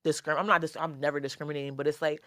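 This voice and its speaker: Brief: young Bronx woman, New York accent, bright forceful tone, dry close mic, loose slangy interview talk. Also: low voice, racing, no echo. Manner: animated, slangy, swearing freely, many fillers. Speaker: rapper, interview guest.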